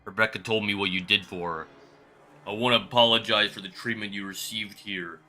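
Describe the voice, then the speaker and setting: A man voicing a polite middle-aged male townsman from a video game with a put-on Canadian accent and a low, easygoing delivery. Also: steady tone, fairly quick, bright, forceful tone. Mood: apologetic.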